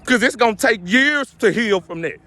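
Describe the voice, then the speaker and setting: A man's voice: extremely high pitch, lively intonation, normal speed, sharp tone. A man giving casual motivational advice, emphatic and preachy, often repeating his stock phrases. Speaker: vlogger giving life advice.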